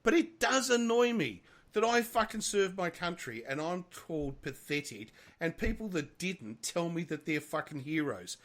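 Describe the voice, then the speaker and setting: A man's voice: fairly high pitch, animated, normal speed, few pauses, a bit bright. A middle-aged man, co-hosting a casual podcast chat, swearing a lot and ranting heatedly. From Australia. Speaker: podcast co-host.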